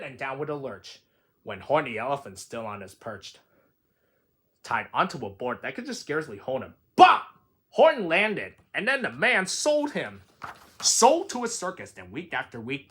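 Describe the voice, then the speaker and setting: A man's voice: mid-range voice, big pitch swings, moderate pace, fairly bright tone. A man reading a rhyming picture book aloud with a sing-song delivery. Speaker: reader.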